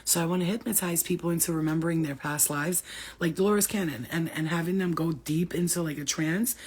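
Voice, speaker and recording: A woman's voice: low-pitched, fairly quick, darkish tone, breathy edge. A woman, a spiritual healer, rambling and swearing freely in casual chat with her viewers.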